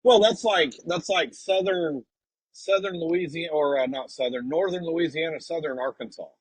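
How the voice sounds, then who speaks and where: A man's voice: a little high, moderate pace, husky, no echo, low-quality recording. A man co-hosting a casual chat, making blunt teasing jokes. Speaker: podcast co-host.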